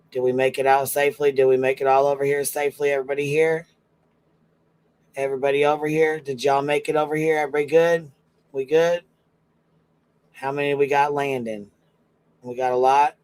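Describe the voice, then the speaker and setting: A man's voice: mid-range voice, little pitch movement, brisk, a little mellow, clean tone, poor audio. Slangy man hosting a livestream. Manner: slangy, repetitive check-ins with viewers. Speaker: livestream host. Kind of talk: casual livestream chat.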